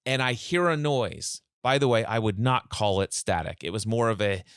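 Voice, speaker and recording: A man telling a story in a podcast interview as a mindset coach, acting out both sides of a phone call in lively voices, speaking over a remote call. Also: on the low side, moderate pace, clean tone, no echo, clean studio sound.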